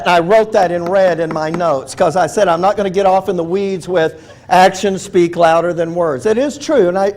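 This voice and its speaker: A man with a fairly high voice leads a Bible lesson like a friendly chat. He tells light, funny stories, often stops and restarts a sentence, and keeps asking his listeners questions. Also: a little mellow. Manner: chatty, restarts sentences, asks the audience questions; humorous storytelling. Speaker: Bible teacher. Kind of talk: conversational Bible study teaching.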